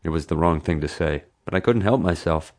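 A man's voice: deep voice, a little fast, a little mellow. A man narrating a children's adventure audiobook in a dry storytelling manner. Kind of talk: scripted narration.

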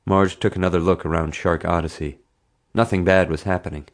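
A man's voice: low-pitched, steady tone, a little fast. A man narrating a children's adventure audiobook in a dry storytelling manner. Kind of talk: scripted narration.

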